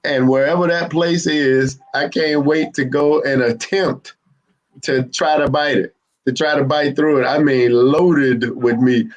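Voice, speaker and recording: A man co-hosting a casual talk show, excitable and quick to laugh. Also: a little high, muffled recording. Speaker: podcast co-host. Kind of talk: casual chat.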